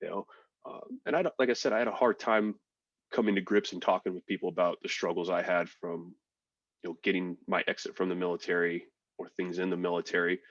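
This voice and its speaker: A man with a very low voice talks through his story in a frank, easygoing way, tossing in fillers and swear words. The sound is dry and a little dull, like a lo-fi recording. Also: steady tone, a little fast, no echo. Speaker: podcast guest, military veteran. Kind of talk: casual storytelling.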